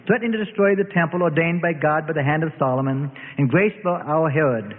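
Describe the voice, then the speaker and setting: A man's voice: fairly high pitch, a little fast, close to an everyday voice. A man reading aloud, voicing an insistent, scheming male prosecutor. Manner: leading, insistent. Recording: tinny, reverberant phone-like audio.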